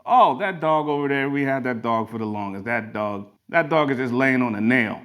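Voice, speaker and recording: A man's voice: mid-range voice, animated, normal speed, a bit bright, close to an everyday voice. A man voicing a laid-back country gas station attendant with a Southern US twang and an unbothered drawl.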